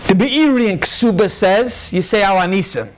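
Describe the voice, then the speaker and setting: A male rabbi giving a halachic lecture to a live audience. He explains briskly, quotes sources, answers questions and mixes many Hebrew and Yiddish terms into his English. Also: high voice. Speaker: rabbi teaching a class.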